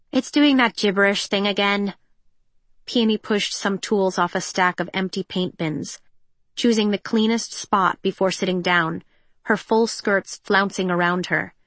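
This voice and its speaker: A woman's voice: medium pitch, a bit bright, no echo. Woman narrating an audiobook, dry sound. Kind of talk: scripted narration.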